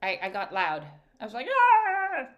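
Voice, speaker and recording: A woman talks as an intuitive counsellor, sharing spiritual guidance in a bright, forceful voice. She is emphatic and heartfelt, circling back to the same phrases again and again. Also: mid-range voice, measured pace, lo-fi sound.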